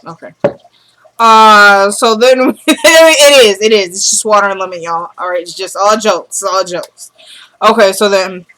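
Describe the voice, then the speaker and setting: A woman vlogger in a casual, animated recap of a TV drama, talking straight to her viewers and laughing often. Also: medium pitch, a little slow, rough recording.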